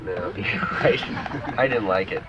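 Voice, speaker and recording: A man, a musician guest on a casual radio interview, talking in a relaxed, rambling way that leans on "you know", in a radio studio. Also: low-pitched, slow pace. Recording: dull archival radio tape with hiss.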